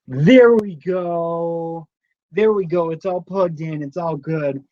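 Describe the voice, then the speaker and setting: A young adult streamer rambles through chatty stories at a middling pitch. The sound is dull and lo-fi, with a close, dry device mic and no room echo. It is relaxed home-stream chatter. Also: takes it slowly. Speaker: live-stream host. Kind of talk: casual live-stream chat. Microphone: device camera mic close up.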